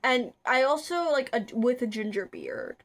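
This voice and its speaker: A chatty young woman with a slightly high voice talks casually to her viewers. She rambles, trips over her words and fills gaps with likes and ums. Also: expressive, moderate pace. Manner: rambling, chatty, frequent filler words and restarts. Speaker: vlogger. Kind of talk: casual chat.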